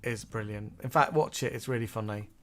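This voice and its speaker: A man's voice: fairly low pitch, fairly quick, soft background music. A man co-hosting a casual online chat show, talking through old sitcoms and reading viewers' comments aloud with lots of fillers. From England. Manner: chatty, reads comments aloud with frequent fillers. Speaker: co-host.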